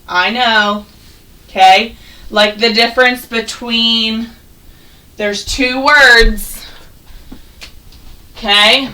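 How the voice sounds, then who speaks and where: Woman, first grade teacher, high clear voice, unhurried, encouraging, a bit off-mic. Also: fairly even intonation, bright, forceful tone, distant mic, low-quality recording. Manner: patient, encouraging, sounds words out slowly. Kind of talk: online phonics lesson for young children.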